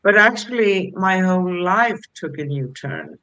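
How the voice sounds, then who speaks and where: Slow, bright-voiced woman co-host. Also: on the low side, sing-song, low-quality recording. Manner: slow, affirming, asks "right?". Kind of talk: casual spiritual chat.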